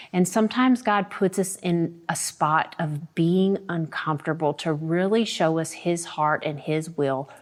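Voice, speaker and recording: A middle-aged woman with a slightly low voice hosts a faith podcast. She tells her story in a relaxed, chatty way. When she quotes people, she lifts her voice and plays out both sides of the conversation. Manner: animated, acts out quoted dialogue with a raised voice. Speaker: podcast host. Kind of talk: casual faith-based storytelling.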